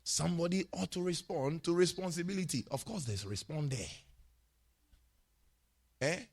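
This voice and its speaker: A male pastor delivers a sermon in a fairly high voice, pressing his points home with emphatic repetition. He keeps turning to his congregation with questions to hold them with him. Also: moderate pace, a little mellow, slightly rough.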